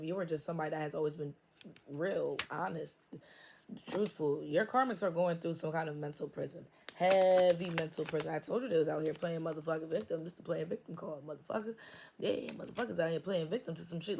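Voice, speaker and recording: A woman's voice: on the low side, fairly even intonation, fast talker, a little mellow. A woman giving a casual tarot reading, blunt and full of swearing, laughing often. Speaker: tarot reader. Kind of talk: casual spiritual reading, profane and playful.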